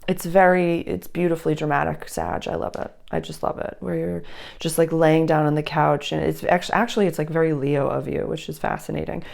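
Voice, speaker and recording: A woman's voice: deep voice, steady tone, a little fast, gravelly, a little mellow. A woman giving a casual, effusive astrology reading, rambling with many restarts. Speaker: astrology reader.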